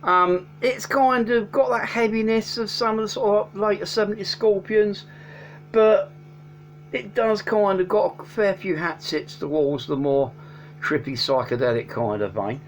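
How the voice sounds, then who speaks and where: A man's voice: sits high, unhurried. A man casually reviewing albums at home, rambling with many ums and restarts but enthusiastic. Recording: dull lo-fi sound with faint hum.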